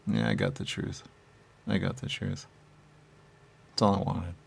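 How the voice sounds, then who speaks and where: A man telling a rambling improvised comic monologue, laughing often and swinging from shouting to muttering. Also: deep voice, sing-song, unhurried, vocal fry, husky.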